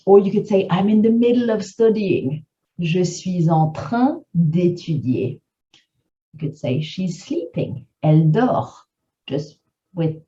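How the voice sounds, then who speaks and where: A woman teaching a grammar lesson, explaining clearly and mixing in French example phrases. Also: on the low side, dark tone, muffled recording.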